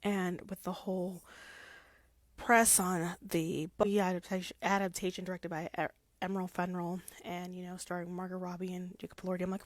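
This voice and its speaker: A young woman vlogger chatting casually about a classic novel, playful and animated, slipping into quick character voices. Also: fairly low pitch, no room sound. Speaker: book vlogger. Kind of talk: casual chat.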